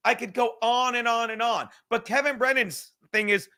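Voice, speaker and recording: Here a male podcast host with a very high, bright voice and forceful delivery tears into clips he's watching. The rant is animated, sarcastic, full of profanity, and builds rapidly.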